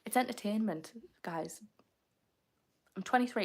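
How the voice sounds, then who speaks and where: A woman's voice: medium pitch, animated, normal speed, fairly bright tone. A woman, chatting casually on a livestream, answering comments in a playful, teasing way and laughing often.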